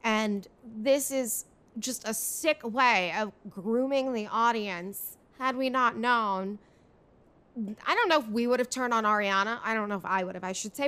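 A woman's voice: fairly high pitch, a bit bright. A young woman hosting a podcast, ranting through a casual, frustrated recap of a reality show. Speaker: podcast host.

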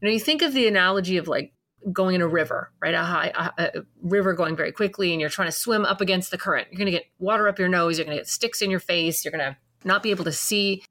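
A woman's voice: lowish voice, fast, a bit bright. Upbeat, encouraging woman host. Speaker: podcast host. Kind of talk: casual interview chat. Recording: hollow, barrel-like sound.

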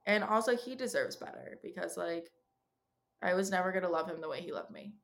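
A woman's voice: lowish voice, animated, a little fast, vocal fry. A woman in her twenties telling candid stories in a casual chat, acting out the lines of people she quotes and swearing freely. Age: 20s. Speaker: podcast guest.

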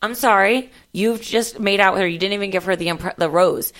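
A woman co-hosting a podcast, telling stories in a rambling, animated way. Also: mid-range voice, fairly quick. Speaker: podcast co-host. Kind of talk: casual chat.

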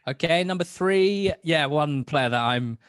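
A man's voice: on the high side, animated, a little slow, a bit bright, no room sound, clean studio sound. A young man talking as a football podcast guest, chatty and enthusiastic, often restarting his sentences. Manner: enthusiastic, rambling, many restarts. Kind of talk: casual chat.

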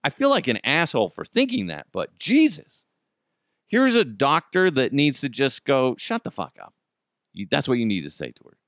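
A man's voice: medium pitch, huge pitch swings, normal speed, a bit bright, dry recording, clean studio sound. Ranting, foul-mouthed podcast host, man. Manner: ranting, swears a lot, laughs. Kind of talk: casual profane monologue.

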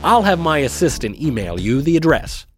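A man voicing a smooth, powerful Hollywood producer in an audio story, casually commanding and breezy. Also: fairly high pitch, very animated, moderate pace, fairly bright tone, soft background music, voice pushed up.

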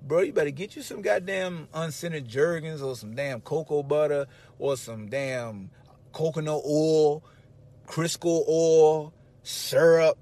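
Male podcast host, slightly high voice, loud animated slangy monologue with shouted emphasis. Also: measured pace. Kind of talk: casual sports talk monologue.

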